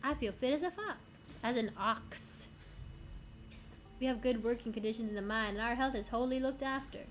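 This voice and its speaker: Woman voicing a wary small-town miner, folksy drawl, sticks up for the boss, higher voice, game read-aloud. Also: normal speed, a little hiss or hum, natural voice. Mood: guarded.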